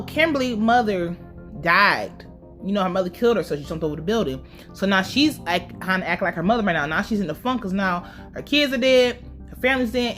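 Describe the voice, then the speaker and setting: A woman giving a sassy, animated, profane recap of a TV episode with mock outrage. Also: medium pitch. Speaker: TV recap reviewer.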